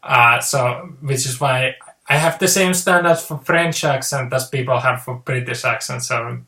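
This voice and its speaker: Slow, hesitant man in an echoey room. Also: medium pitch, pushed and bright. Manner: hesitant, many fillers and restarts. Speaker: video host. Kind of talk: rambling casual monologue. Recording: roomy echo.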